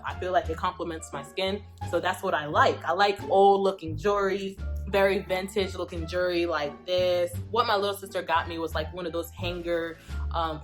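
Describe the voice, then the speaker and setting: Emphatic young woman telling a story. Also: fairly low pitch. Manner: emphatic, profane, repeats lines for effect. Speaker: vlogger. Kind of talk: storytime vlog.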